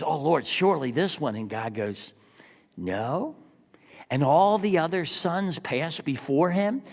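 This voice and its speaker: A man in his sixties preaching a sermon as pastor, telling stories and asking the congregation rhetorical questions. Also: on the high side. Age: 60s. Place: church sanctuary. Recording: long reverb of a church hall.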